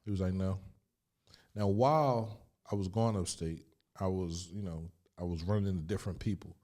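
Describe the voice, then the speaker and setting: Thick with street slang, this middle-aged man from Chester, Pennsylvania tells his life story openly as a guest, animated and emphatic. His voice sits low and moves a little fast.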